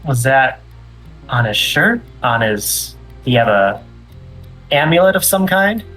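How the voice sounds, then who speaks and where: A man's voice: mid-range voice, big pitch swings, unhurried, bright, forceful tone, soft background music. A man playing a tabletop role-playing game, asking probing questions in character. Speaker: player.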